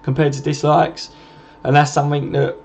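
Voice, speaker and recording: This southern English live-stream host speaks at a moderate pace in a level, slightly high voice with a darkish tone. He chats with viewers about their comments, rambling and matey, constantly adding "and that" and "mate."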